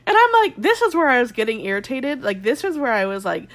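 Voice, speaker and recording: A young woman with a slightly high voice hosts a casual podcast. She recaps a show in a gossipy, dramatic way, swearing freely and acting out what people said. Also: expressive, normal speed, hardly any pauses. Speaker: podcast host.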